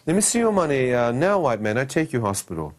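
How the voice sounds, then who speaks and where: A man's voice: mid-range voice, big pitch swings, fast talker, background noise, close to an everyday voice. A man voicing a brusque male taxi driver who speaks broken English and haggles curtly over a fare. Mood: haggling. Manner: curt, dismissive, haggling.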